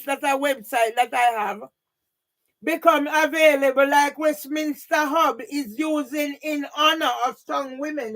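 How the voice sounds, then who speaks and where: A woman with a Jamaican accent ranting on a live stream, emphatic, often shouting and swearing, with frequent questioning tags. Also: high voice. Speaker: YouTube livestreamer.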